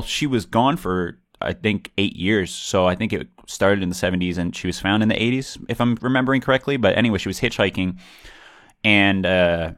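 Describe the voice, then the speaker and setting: A man's voice: low-pitched, no echo, studio quality. A man telling a story in a casual monologue, rambling, correcting himself and using many fillers.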